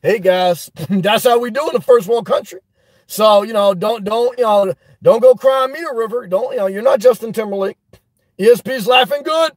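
Man, very high voice, livestream host, animated and loud, dry close recording. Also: normal speed, no room sound. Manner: animated, loud, swears a lot, repeats himself. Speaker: livestream host reading chat. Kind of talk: casual livestream rant.

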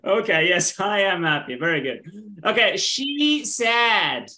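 Bright-voiced woman teaching online. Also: medium pitch, sing-song, unhurried. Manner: mixes English and Arabic, asks "right?" constantly. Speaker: English teacher.

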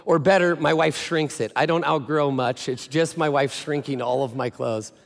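A man's voice: on the high side, moderate pace, vocal fry. A male pastor giving a sermon in a casual, joking storytelling way. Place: church. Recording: echoey church hall.

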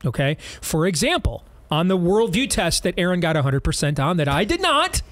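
Talk-show host, male, high voice, emphatic and sarcastic. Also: very animated, a bit bright. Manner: emphatic, rapid-fire, sarcastic riffs.

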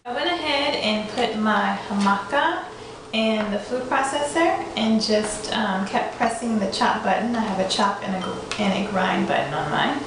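A woman's voice: mid-range voice, moderate pace, background noise. A woman hosting a home cooking demonstration in her kitchen, playfully putting on a mixed accent and laughing at herself. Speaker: cooking show host. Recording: echoey kitchen, mic far off.

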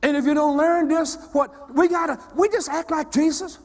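A man preaching a sermon as pastor, swinging between steady teaching and shouted call-and-response questions to the congregation. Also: very high-pitched, moderate pace. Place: church sanctuary. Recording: long church reverb.

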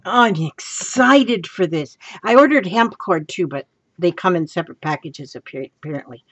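A woman's voice: fairly low pitch, moderate pace, breathy edge, no room sound, dull audio. A woman making a casual craft vlog at home, gushing and exclaiming over her supplies. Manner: gushing, excitable, exclaims often. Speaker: craft vlogger.

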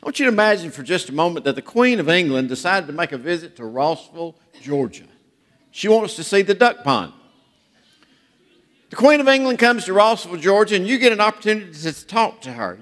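A man's voice: high voice, a bit bright. A man preaching a sermon in a church, telling jokes and stories in a folksy way. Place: church sanctuary. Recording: reverberant church hall.

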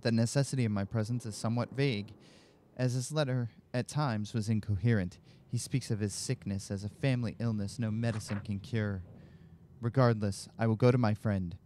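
A man's voice: fairly low pitch, steady tone, fairly quick, mellow, a little hiss or hum, natural voice. A man reading a game journal aloud in a put-on Irish or Scottish accent, voicing an exiled war veteran. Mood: solemn. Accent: mock Irish or Scottish.

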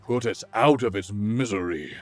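A man voicing a stern, deep-voiced male dwarf warrior in an audiobook, speaking in urgent shouts. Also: animated, normal speed, vocal fry, faint music behind. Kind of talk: audiobook character voice.

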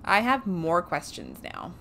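A woman gives casual let's-play commentary, laughing and cursing as she goes. Her voice sits a little low but swings widely in pitch, with faint hiss behind it. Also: huge pitch swings, measured pace, vocal fry, pushed and bright. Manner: chatty, swears freely, laughs a lot. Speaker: streamer playing a game.

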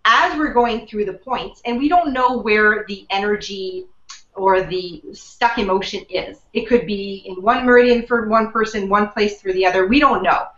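A woman's voice: mid-range voice, normal speed, fairly bright tone. A woman guest on a wellness show, explaining things conversationally, full of fillers and restarts. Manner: chatty, many fillers and restarts. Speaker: guest, emotional wellness coach. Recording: dull lo-fi sound in a roomy space.

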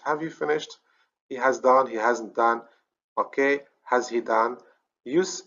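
Teaching grammar in a recorded lesson, a Moroccan-accented English teacher explains things step by step, frequently asking "okay?" and correcting himself. His voice sits at medium pitch, a bit bright, with lo-fi sound.

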